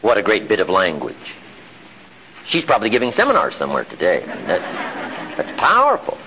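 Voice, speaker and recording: A man's voice: lowish voice, huge pitch swings, normal speed, a little hiss or hum. A man giving a live motivational seminar in a meeting room. He is emphatic and fires off rhetorical questions. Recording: tinny lo-fi archival seminar tape.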